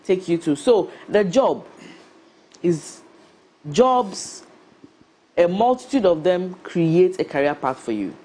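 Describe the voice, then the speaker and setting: A woman's voice: on the low side, very animated, slow, pauses often, warm tone. A woman with a Ghanaian accent, an HR professional giving career advice in an emphatic, advising way with rhetorical questions. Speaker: HR professional guest.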